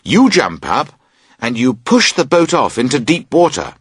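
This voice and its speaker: A man narrating a graded-reader story aloud, expressive and putting on voices. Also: mid-range voice, normal speed, husky, dry recording, studio quality. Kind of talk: audiobook reading of a graded reader.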